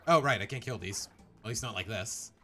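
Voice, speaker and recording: A man's voice: fairly low pitch, fairly quick, bright, forceful tone. A man giving let's play commentary. He rambles, thinks aloud and pokes fun at himself. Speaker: gaming streamer. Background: faint game music.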